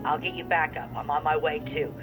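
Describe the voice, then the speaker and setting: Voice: mid-range voice, brisk, lightly acted. A performer voicing a sleepy, worried woman police assistant on a phone call, groggy and sarcastic. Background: music.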